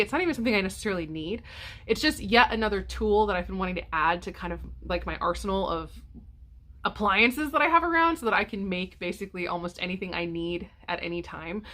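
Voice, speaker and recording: A woman's voice: medium pitch, a bit bright. A middle-aged woman chatting casually to camera at home, rambling with many ums and restarts. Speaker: vlogger. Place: home, by a window.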